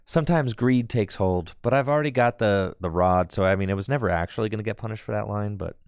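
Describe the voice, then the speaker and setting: Male streamer, smooth clear voice, dry close sound, laid-back banter with chat. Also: on the low side, fast talker, dry recording. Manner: chatty, talks back to viewers in chat. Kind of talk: casual live-stream chat while playing a card game.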